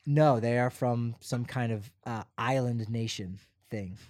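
A man's voice: mid-range voice, unhurried, no room sound, clean studio sound. A man co-hosting a podcast, chatting casually and rambling with fillers. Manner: relaxed, rambling, many fillers. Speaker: podcast co-host. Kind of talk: casual sports chat.

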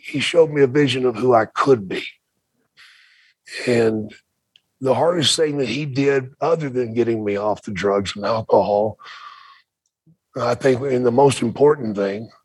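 A man's voice: medium pitch, slightly rough, dry recording. A man on a podcast talking candidly and reflectively in casual conversation. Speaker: podcast co-host.

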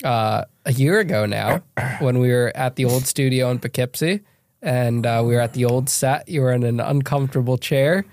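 A man's voice: medium pitch, moderate pace, darkish tone, no room sound. A young man hosting a podcast in a studio, reading an upbeat intro and chatting loosely with his guest. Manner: upbeat, reads an intro then chats loosely with fillers. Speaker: podcast host.

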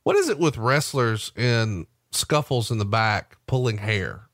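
A man hosting a podcast, retelling a backstage story with animated energy and asking his co-host questions. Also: mid-range voice, a little slow, no echo, clean studio sound. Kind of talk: casual storytelling chat.

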